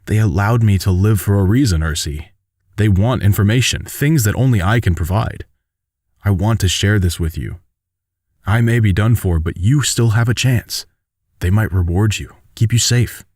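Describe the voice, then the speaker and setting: A man voicing a remorseful, condemned father who speaks softly and with regret in a fan-made audiobook. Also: on the low side, normal speed, no echo, clean studio sound, lightly acted. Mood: resigned. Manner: soft and regretful. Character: remorseful imprisoned father, older man facing death.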